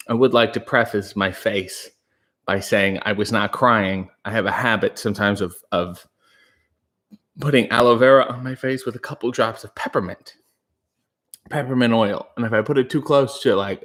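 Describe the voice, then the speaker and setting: A young man hosting a casual livestream, reading chat messages aloud and answering with dry, deadpan jokes. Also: mid-range voice. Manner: deadpan, dry jokey asides.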